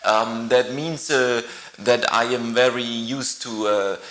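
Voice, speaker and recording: A male actor introducing himself to camera, halting and playful, with many pauses. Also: medium pitch, steady tone, fairly bright tone, echoey room, low-quality recording.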